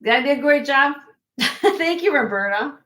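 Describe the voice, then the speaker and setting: A woman hosting a casual live jewelry sale from home, briskly listing rings and sizes with chatty asides. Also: high voice, expressive, fairly bright tone. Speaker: host selling jewelry on a live stream.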